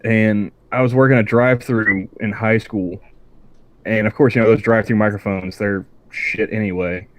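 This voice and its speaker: A man's voice: lowish voice, fairly even intonation, normal speed, no echo. A man on a casual podcast who rambles and stammers through restarts. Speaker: podcast co-host.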